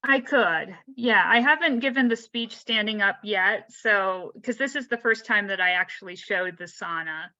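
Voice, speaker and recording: Bright woman on dull, dry call audio. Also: medium pitch, moderate pace, hardly any pauses, no echo. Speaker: club speaker receiving feedback. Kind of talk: casual chat. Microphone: video call.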